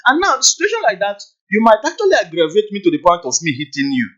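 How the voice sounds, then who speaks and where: A man's voice: high-pitched, wildly swooping pitch, fast talker, a bit bright, highs cut off. A man talking on a podcast panel, acting out little scenes and often checking "you understand?". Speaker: podcast guest. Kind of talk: casual panel discussion.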